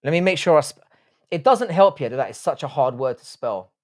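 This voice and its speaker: A man's voice: fairly high pitch, expressive, fairly quick. A young man hosting a casual livestream, reading the chat aloud and rambling with crude jokes. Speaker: livestream host.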